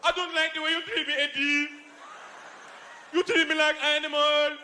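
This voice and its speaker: A man's voice: very high voice, flat delivery, normal speed, pushed and bright, slight background noise, heavily acted. A male stand-up comedian acting out a young foreign wife who has become demanding and complains to her husband. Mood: complaining. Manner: whiny, complaining, raised pleading calls.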